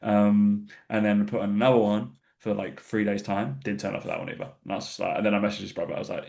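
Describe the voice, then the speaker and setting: A man's voice: on the low side, little pitch movement, fast talker, gravelly, hardly any pauses, a little mellow. A British man co-hosting a casual fitness podcast, chatty and swearing as he tells anecdotes. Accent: British English. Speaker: podcast co-host, personal trainer.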